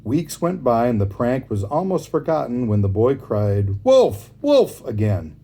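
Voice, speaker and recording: A man reads fables aloud in a relaxed, easy way, with warm, mellow tone and a slightly husky grain. His pitch moves a lot as he reads, giving the story plenty of lift. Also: normal speed. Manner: relaxed, easy reading with asides.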